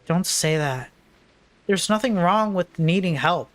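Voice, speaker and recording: A woman reading aloud, voicing a caring teenage girl who gently reassures a friend. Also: lowish voice, lively intonation, voice pushed down. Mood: gentle. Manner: soft, reassuring, measured.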